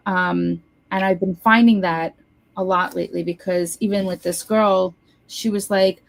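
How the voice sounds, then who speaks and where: A woman's voice: on the low side, fairly even intonation, unhurried, vocal fry. A woman co-hosting a podcast who works as a spiritual guide, telling stories in earnest casual chat. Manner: earnest storytelling, acts out quoted voices.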